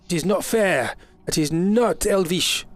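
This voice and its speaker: A man's voice: high voice, a little slow, pitched above the performer's own voice. A man voicing a desperate male refugee leader who pleads indignantly to be let through a gate. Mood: pleading.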